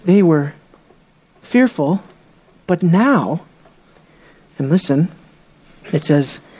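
A preacher delivering a sermon who asks the congregation rhetorical questions and swings between loud, high emphasis and quiet, low asides. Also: expressive, very slow, slightly rough.

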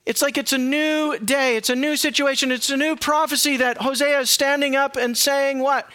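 A man preaches a sermon in a church, his voice pitched very high for a man. The tone is bright and forceful, emphatic as he keeps questioning his listeners. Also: fairly even intonation, normal speed, dry recording. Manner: emphatic, questioning the congregation, drops to a quiet low voice for reflection. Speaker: pastor. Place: church sanctuary.

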